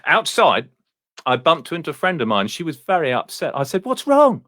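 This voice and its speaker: A man telling jokes to a video call, deadpan and unhurried on the punchlines. His voice ranges widely in pitch as he plays up each line. The sound is dry, from a home microphone. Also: dry recording. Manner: deadpan joke delivery with slow punchlines. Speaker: comedian guest. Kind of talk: telling one-liner jokes.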